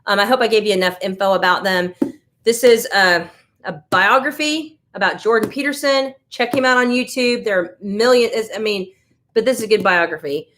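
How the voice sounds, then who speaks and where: A U.S. woman runs an easygoing live stream, chatting and reacting to comments from viewers as they come. She speaks briskly in a mid-range voice with a fairly bright tone.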